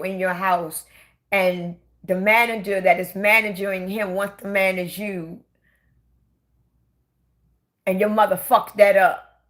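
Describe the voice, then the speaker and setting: In a fairly bright, mid-range voice, a middle-aged woman shares her life story over a casual late-night talk. Emotion makes her halting, and she keeps restarting and repeating words.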